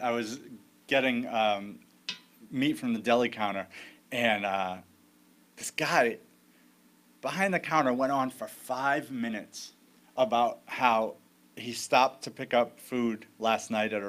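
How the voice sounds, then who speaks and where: A man's voice: medium pitch, moderate pace, a bit bright. A man preaching a sermon as pastor, in a conversational storytelling way with frequent restarts.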